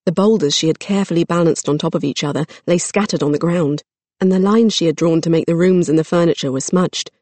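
Narrator reading a kids' story, steady and measured, middle pitch, super dry close mic. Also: dry recording.

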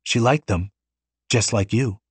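A man reads as a gentle, resigned male painter in an audiobook, soft-spoken and earnest. The voice is husky and low, in a dry, close room. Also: a little slow, dry recording.

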